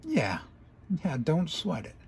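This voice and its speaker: A man's voice: fairly high pitch, wildly swooping pitch, takes it slowly, gravelly, slightly rough, pitched above the performer's own voice, exaggerated voice. A man voicing a brash, tomboyish female pegasus pony who talks casually while trying to comfort a friend in a fan story reading. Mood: coaxing. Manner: coaxing, casual.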